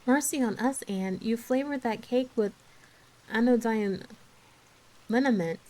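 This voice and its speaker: A woman voicing a stern, practical older woman who scolds in a brisk way during a book reading. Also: fairly high pitch, darkish tone, lightly acted. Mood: scolding.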